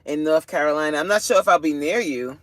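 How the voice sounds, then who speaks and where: A woman's voice: low voice, fast, a bit bright, no echo. Chatty woman streaming from her car. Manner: chatty, exclaims, reads chat aloud. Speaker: livestream host. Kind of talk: casual livestream chat with viewers.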